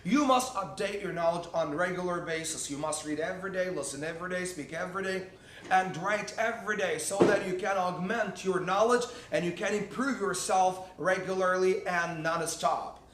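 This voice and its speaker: A man's voice: high-pitched, normal speed, a bit bright, roomy sound, slight background noise. A man, a teacher, giving motivational classroom tips to other teachers, emphatic and repeating key words for stress.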